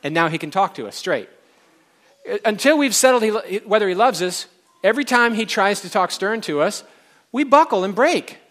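A man's voice: high voice, animated, moderate pace, fairly bright tone. A man preaching a conversational sermon to a live congregation, chatting directly with the people in the room.

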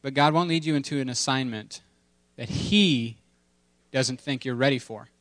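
A man's voice: mid-range voice, normal speed, fairly bright tone, no echo. A man preaching a sermon in a conversational, humorous way, with playful asides and emphatic repetition. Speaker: pastor.

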